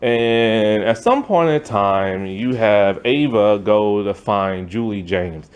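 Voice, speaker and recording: A man's voice: on the low side, slow pace, clean tone. A man giving a casual, rambling movie review rant, loose and exasperated, with lots of filler words.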